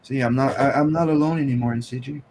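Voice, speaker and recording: A man's voice: mid-range voice, fairly even intonation, quick pace, darkish tone, slight background noise. French-Canadian man chatting on a livestream. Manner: greets chatters, fumbling restarts. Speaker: co-host. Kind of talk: casual livestream chat.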